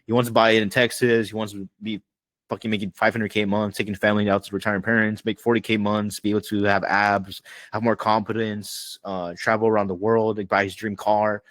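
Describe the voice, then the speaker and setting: With little pitch movement and a fairly bright tone, a slightly low-voiced man coaches sales over a video call, fast and loose. It's a casual online training call where he peppers profane slang with "like" and "bro," captured close and dry, no echo.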